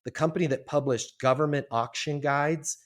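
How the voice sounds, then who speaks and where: A man of fifty, a guest on a podcast, telling his life story in a casual, animated way and acting out the voices of the people in it. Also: a little high, normal speed. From Colorado, US. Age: 50s. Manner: animated storyteller, acts out quoted voices, repeats words.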